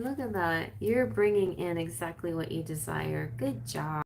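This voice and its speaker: A woman's voice: lowish voice, measured pace, creaky, few pauses, darkish tone, a little hiss or hum. A woman giving a chatty live-stream tarot reading, reading guidebook passages aloud between her own comments. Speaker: tarot reader.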